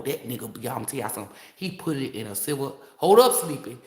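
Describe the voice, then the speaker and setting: A tarot reader on a casual livestream, a man telling stories to his viewers in an animated, profane way. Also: mid-range voice, quick pace, hardly any pauses, roomy sound. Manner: animated, profane storytelling, addresses viewers as y'all.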